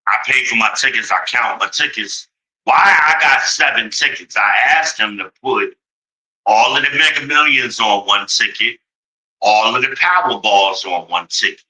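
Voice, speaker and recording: Guy venting at the camera, fed up and cussing, slow drawn-out delivery, really bright tense tone. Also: mid-range voice, rough recording. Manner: exasperated, swears freely, mocks with rising outbursts. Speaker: vlogger venting to viewers. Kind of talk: heated ranting storytelling.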